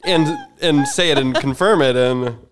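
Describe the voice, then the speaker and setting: A man's voice: mid-range voice, measured pace, noisy background. A man co-hosting a casual podcast, joking around and laughing often. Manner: jokey, laughs often, tries silly accents. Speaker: podcast co-host.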